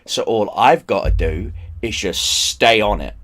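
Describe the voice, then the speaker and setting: A man hosting a stream, telling a story in casual chat. He swears a lot, gets animated and often restarts his sentences. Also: lowish voice, measured pace. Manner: profane, animated, with frequent restarts. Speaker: streamer host.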